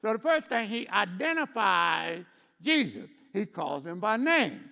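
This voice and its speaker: Man preaching Sunday school, lively pitch swings, slow deliberate call-and-response. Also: creaky, big-room sound. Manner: call-and-response, repeats "hello" and "what?"; swings between loud emphatic and quiet low. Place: church.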